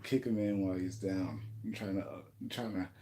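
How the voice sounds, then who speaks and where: A man's voice: low-pitched, fairly quick, warm tone. A man venting to camera in a casual vlog, angry and profane, stumbling over restarts as he talks indoors in a rented home. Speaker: YouTuber.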